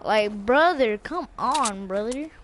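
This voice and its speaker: A young woman livestreaming a game, her high voice leaping up and down as she reacts. She talks in an excitable, jumpy rush to her teammates and swears freely, with a faint hiss of noise behind her. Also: takes it slowly. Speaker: game streamer. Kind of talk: live gameplay commentary.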